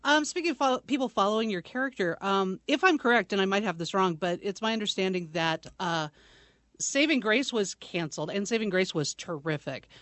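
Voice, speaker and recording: A woman co-host puts her questions carefully and hedges as she goes. Her voice sits at a middle pitch, and the recording is dry and close-miked. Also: lively intonation, a little fast, a bit bright, no room sound. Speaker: co-interviewer. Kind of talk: casual radio interview.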